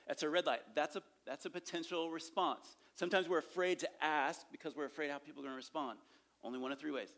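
A man's voice: a little high, a little fast, fairly bright tone. A man preaching a sermon on sharing faith, talking conversationally and checking in with the listeners often. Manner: conversational, repeats points with frequent "okay?" check-ins. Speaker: pastor teaching evangelism.

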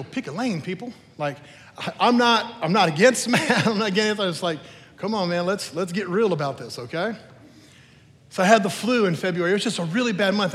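Male pastor, high voice, chatty storytelling sermon, long hall reverb. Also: a bit bright. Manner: conversational storytelling with teasing asides.

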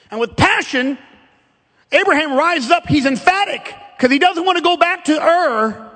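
Male pastor, high-pitched, lively humorous preaching style, recorded with hall reverb. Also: moderate pace. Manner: animated preaching with humor and emphatic repetition. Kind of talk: sermon.

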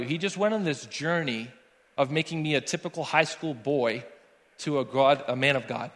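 A man's voice: mid-range voice, normal speed. Young guy preaching in church, tells a story and acts out the lines, big echoey hall. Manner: animated storyteller acting out dialogue. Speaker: worship leader preaching. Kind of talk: sermon with personal story. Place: church sanctuary. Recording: long church hall reverb.

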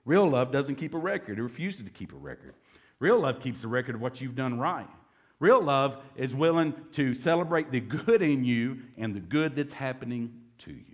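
A man preaches a sermon as pastor. His pitch swings widely, and his tone is casual and joking as he asks the congregation for responses. He sits in the middle range for a man's voice. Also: very animated, moderate pace, highs cut off. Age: 40s. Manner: conversational, joking, calls for audience response.

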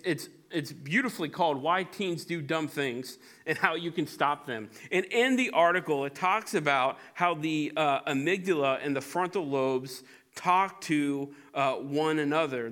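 A man preaching a sermon, telling stories in an animated way with frequent restarts. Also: on the high side. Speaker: pastor.

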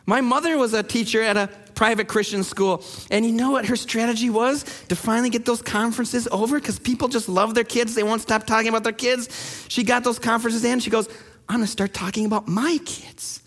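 A man who pastors a church, preaching a sermon and telling stories with lively acted-out quotes. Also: very high voice, brisk, in a large hall. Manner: animated storyteller acting out quoted people. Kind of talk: sermon storytelling.

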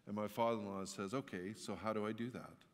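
A man's voice: lowish voice, fairly even intonation, fairly quick, long reverb tail. A man preaching a sermon in a church, telling a story in a conversational way and rising into emphatic outbursts. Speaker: pastor.

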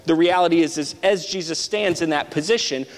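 A man's voice: a little high, fairly quick. Man preaching in a reverberant hall. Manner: thoughtful, restarts often, explains step by step. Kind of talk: expository sermon.

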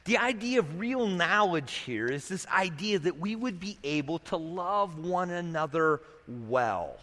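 High-voiced preacher in a reverberant room. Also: male voice, expressive, measured pace, pushed and bright. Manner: conversational preaching with rhetorical questions. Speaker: pastor. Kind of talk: sermon.

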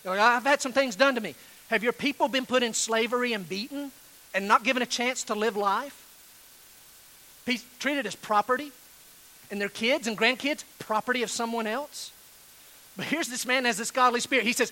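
Earnest high-voiced male preacher. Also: bright, forceful tone, poor audio. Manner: earnest, pleading, emphatic with slow stressed phrases. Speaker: pastor. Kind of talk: sermon.

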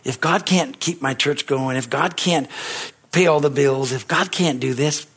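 A pastor preaching a sermon, telling stories with excitement that climbs to shouts, repeating phrases and calling for amens. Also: male voice, medium pitch, unhurried, husky. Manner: repetitive, emphatic phrasing with call-and-response.

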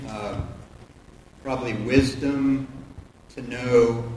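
Man on a church panel, deliberate and thoughtful, roomy echo with faint ambience behind. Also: medium pitch, a little mellow, a little hiss or hum. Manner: slow, reflective, measured. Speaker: panelist father. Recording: very echoey hall with faint ambience.

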